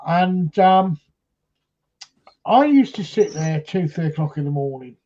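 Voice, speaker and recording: A man's voice: fairly high pitch, expressive, a little slow, mellow, highs cut off. A man, a paranormal investigator, telling a rambling first-hand story on a live stream, full of fillers and restarts.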